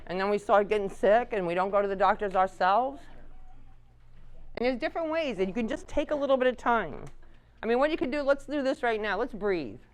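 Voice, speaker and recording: A middle-aged woman giving a caregiver talk to an audience, telling stories and acting out the people she quotes. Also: mid-range voice. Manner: animated, acts out quoted people with laughs. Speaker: caregiver support speaker.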